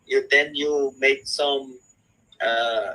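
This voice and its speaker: A man speaking as a psychologist guest on a live chat, talking in halting English with many repeats and restarts. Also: mid-range voice, steady tone, sharp tone, rough recording.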